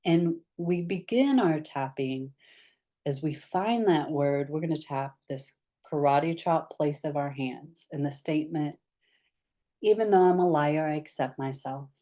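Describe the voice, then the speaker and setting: A woman leading a somatic therapy lesson, candid and gentle, often speaking softly as she guides the group. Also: low voice, measured pace.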